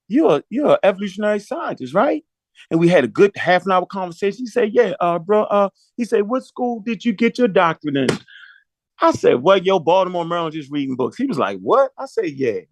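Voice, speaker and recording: A man's voice: high-pitched, very animated, moderate pace, dry recording. A man telling a long story in a profane, slangy way, acting out the quotes as he goes. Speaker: podcast talker. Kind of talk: animated storytelling monologue.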